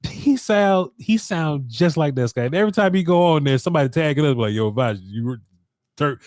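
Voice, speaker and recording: A man's voice: fairly high pitch, animated, brisk, a little mellow, no room sound, clean studio sound. A man co-hosting a casual sports talk show, laid-back and slangy, laughing often as he answers the chat. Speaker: sports podcast co-host.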